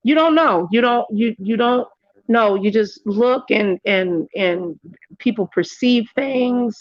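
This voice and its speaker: A woman's voice: slow, no echo, highs cut off. A woman hosting her own livestream, telling stories in casual chat and jumping into other voices for quotes. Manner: animated storytelling, jumps into high voices for quotes. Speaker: livestream host.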